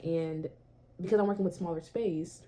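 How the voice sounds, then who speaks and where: A woman's voice: on the low side, steady tone, normal speed, mellow, slight background noise. A young woman chatting casually to camera in her small apartment, repeating herself and swearing now and then. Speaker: vlogger.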